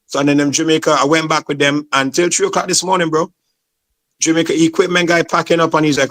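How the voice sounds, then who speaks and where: A football promoter from Saint Vincent, guesting on a casual interview, has a slightly high, somewhat bright voice with fairly even intonation. He talks fast and passionately, often repeating "man" and "bro."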